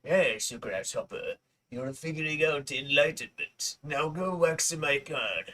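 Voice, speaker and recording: A man putting on a wise old male martial arts teacher, with slow sage-like pronouncements. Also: a little high, bright, forceful tone, a little hiss or hum, voice pushed up. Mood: mock-wise.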